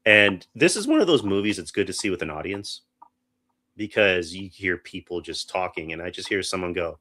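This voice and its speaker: Man, low voice, bright and forceful, rambling casual podcast talk. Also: expressive, moderate pace. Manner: rambling, full of restarts and acted-out quotes. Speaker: podcast co-host. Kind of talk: casual movie review chat.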